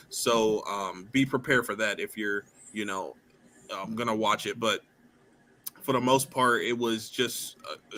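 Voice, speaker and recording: A man's voice: fairly low pitch, pushed and bright. A young man co-hosting a casual movie review chat, laid-back and enthusiastic, saying "yo" and "man".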